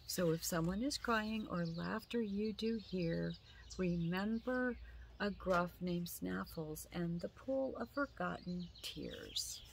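A woman reading a children's picture book aloud, gentle and unhurried. Her voice carries a gravelly edge, and a faint hum of noise sits behind her. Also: lowish voice. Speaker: storybook reader.

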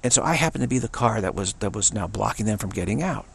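Gravelly low-voiced man rambling earnestly. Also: lively intonation, quick pace. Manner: rambling, repeats and restarts phrases. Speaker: channel host. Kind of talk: solo spoken commentary.

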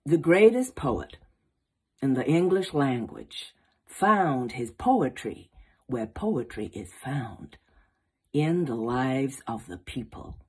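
A woman's voice: extremely low pitch, very animated, slow pace, husky, full character voice. A woman putting on an American accent to voice an impassioned male writer in a rhythmic, rousing recitation.

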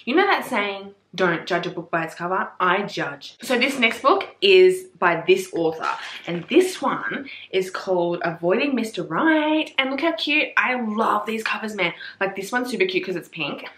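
A woman's voice: mid-range voice, normal speed, hardly any pauses, echoey room. A young woman, bubbly and sweary, chatting casually through a book haul vlog. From Australia. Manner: bubbly, sweary, excitable with gasps and squeals. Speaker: book vlogger.

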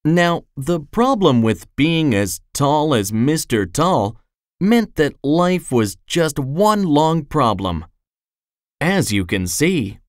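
A storyteller reading a children's storybook aloud in a slow, expressive way. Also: medium pitch, dry recording, clean studio sound. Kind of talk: scripted storybook narration.

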